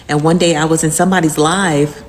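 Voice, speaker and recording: Rambling woman host, lowish voice. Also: steady tone, fairly quick, in a large hall. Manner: rambling and repetitive, with frequent fillers. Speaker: host recapping live-stream drama. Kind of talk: casual chat.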